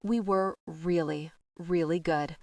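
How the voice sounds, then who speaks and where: A woman reading an audiobook, voicing an earnest young man who talks in a low, dry, carefully measured way. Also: steady tone, darkish tone, no room sound. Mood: wistful. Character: earnest young man, gentle, quietly heartbroken.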